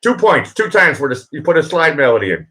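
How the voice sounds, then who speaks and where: A man with a slightly high voice hosting a casual livestream. He talks bluntly and pushes his points, repeating words to drive them home. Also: sing-song, quick pace, bright, forceful tone, poor audio. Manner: blunt, insistent, repeats himself. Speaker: livestream host. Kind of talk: casual live chat.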